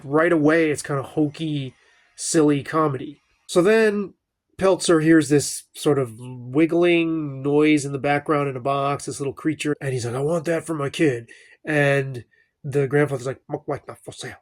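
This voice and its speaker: A middle-aged man talking casually through an old film review, rambling with many fillers and asides. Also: a little high. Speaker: film commentator.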